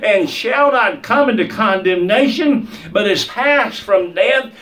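A man's voice: high voice, animated, slow, fairly bright tone, far from the mic. A man preaching a sermon with an emphatic, repetitive cadence.

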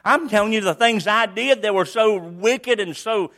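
Older male preacher, high voice, repeats his points hard, then drops to near-whisper. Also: normal speed. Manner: emphatic, repetitive, swings between loud and hushed. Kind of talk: sermon.

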